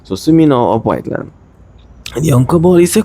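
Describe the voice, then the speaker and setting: A man from Trinidad with a Trinidadian accent, casually telling a rambling personal story in lively dialect. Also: fairly high pitch, fast. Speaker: vlogger.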